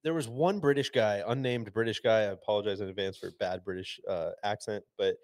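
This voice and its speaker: A man co-hosting a podcast in casual chat, enthusiastic and quick to laugh. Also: lowish voice, fairly even intonation, a little mellow. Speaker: podcast co-host.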